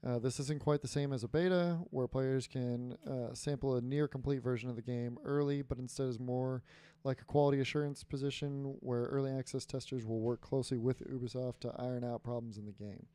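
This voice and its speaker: A man's voice: mid-range voice, steady tone, a little fast, hardly any pauses, mellow, clear, resonant tone, no room sound. Casual man reading news with fillers. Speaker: podcast co-host.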